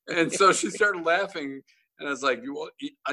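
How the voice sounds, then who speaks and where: A man's voice: fairly high pitch, a little slow, pauses often, bright, forceful tone. A man on a podcast, telling a story in casual chat, swearing and laughing often. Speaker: podcast host.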